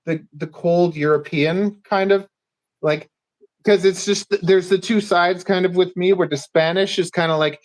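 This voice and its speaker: High-voiced man, rambling chat. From Canada. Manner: rambling, laughs often, acts out quotes. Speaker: podcast guest. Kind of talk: casual chat.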